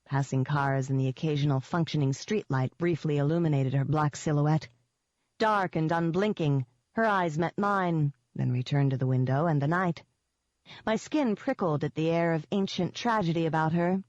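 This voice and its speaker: A woman with a low, deep-set voice narrates a novel in the first person, keeping an even and wry tone. The recording is dry, with no room sound, and the audio is slightly dull and lo-fi. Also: normal speed, no room sound.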